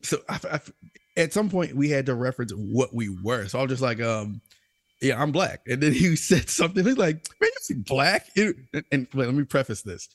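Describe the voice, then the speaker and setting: A young man co-hosting a gaming podcast, telling stories in a loose, animated way, laughing and raising his voice when quoting others. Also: mid-range voice, brisk, no room sound, studio quality. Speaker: podcast co-host. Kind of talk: casual storytelling chat.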